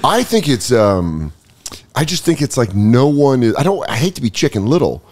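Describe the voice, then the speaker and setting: A man hosting a comedy podcast, riffing casually and slipping into quick put-on voices for jokes. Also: medium pitch, big pitch swings, darkish tone. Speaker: podcast host.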